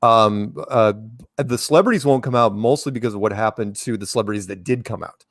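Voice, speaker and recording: A man's voice: lowish voice, a little fast, no echo, clean studio sound. A middle-aged man telling stories as an interview guest, rambling and often restarting his words. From United States. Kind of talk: casual storytelling in an interview.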